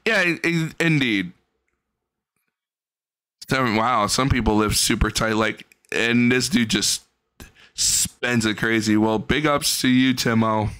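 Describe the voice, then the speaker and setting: A man's voice: mid-range voice, takes it slowly, pauses often, sharp tone, clean tone. A man casually commenting on a clip, profane and mocking, often mimicking the cat in voices.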